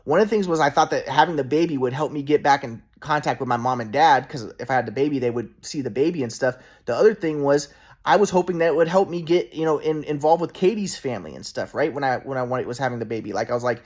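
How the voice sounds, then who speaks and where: A man's voice: fairly high pitch, brisk. Frustrated, rambling man in his thirties. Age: 30s. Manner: rambling, profane, frustrated, many restarts. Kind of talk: casual personal vlog monologue.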